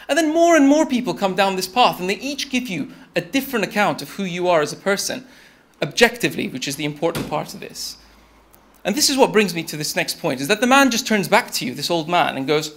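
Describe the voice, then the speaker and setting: A man's voice: sits high, sing-song, fairly quick, a bit bright. A young man giving a TED-style talk, telling a story in a conversational way and speaking to the audience directly.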